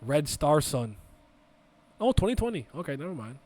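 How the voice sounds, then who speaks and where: A man's voice: on the high side, big pitch swings, normal speed, a little mellow. A young man co-hosting a casual podcast, rambling through restarts and swearing freely as he chats. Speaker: podcast co-host. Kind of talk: casual chat.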